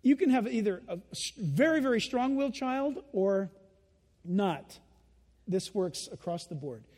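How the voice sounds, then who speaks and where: A high-voiced male pastor preaching in an animated way, slipping into children's voices and chuckling along. His voice rings out in a church with a long hall reverb. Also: measured pace. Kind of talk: sermon.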